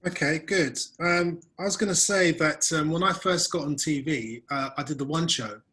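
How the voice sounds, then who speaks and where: A man's voice: fairly high pitch, normal speed, pushed and bright, poor audio. A man hosting a video-call webinar interview, telling casual self-deprecating stories about his early days on camera. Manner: chatty, self-deprecating storyteller. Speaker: webinar host.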